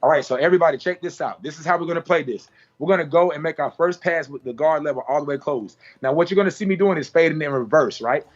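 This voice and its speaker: A man's voice: on the high side, quick pace, highs cut off. A man teaching a hands-on haircutting class, talking through each move with repeated cues and playful sound effects. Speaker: barber educator. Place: salon.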